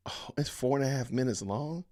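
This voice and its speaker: A man hosting a live-stream podcast, reacting with exasperated commentary, sighing and talking to his viewers. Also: a little fast. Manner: exasperated, sighing, lively pitch swings. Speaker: podcast host.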